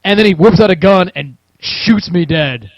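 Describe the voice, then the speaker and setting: Animated, foul-mouthed man telling a story. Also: high-pitched, moderate pace, no room sound. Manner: animated and profane, acting out his own reactions. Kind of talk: casual storytelling chat. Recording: dull, dry lo-fi recording.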